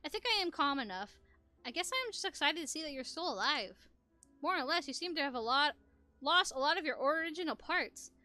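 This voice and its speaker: A woman's voice: sits high, animated, brisk, pushed and bright, no room sound, faint music behind. A woman voicing a young robot caretaker who talks in a stiff, formal way in a game. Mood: anxious.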